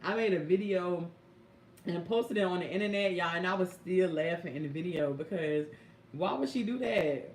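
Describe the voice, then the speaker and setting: A young woman caregiver telling stories on a live stream, speaking AAVE and talking to viewers in a lively, chatty way. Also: fairly low pitch, normal speed, slight background noise. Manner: animated, chatty, addresses viewers as y'all and baby. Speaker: caregiver vlogger. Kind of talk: casual live-stream storytelling. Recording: echoey room.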